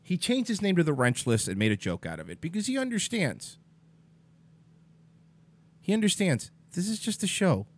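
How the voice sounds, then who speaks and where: An exasperated livestream host unloads on his chat in a casual rant, swearing freely and addressing viewers by name. His voice sits high with wildly swooping pitch, a moderate pace and long pauses.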